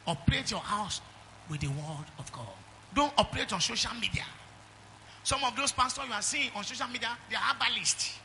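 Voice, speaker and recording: A middle-aged Nigerian-accented man preaching a sermon in church, calling out to the congregation and swinging from loud exhortation to quiet asides. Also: very high voice, lively intonation, brisk, creaky, slight background noise. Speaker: pastor.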